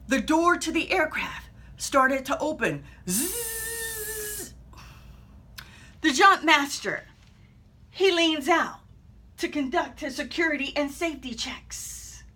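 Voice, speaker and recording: Woman motivational speaker, high bright voice, dramatic storytelling with shouted bits. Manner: dramatic, acts out scenes with shouts and pauses.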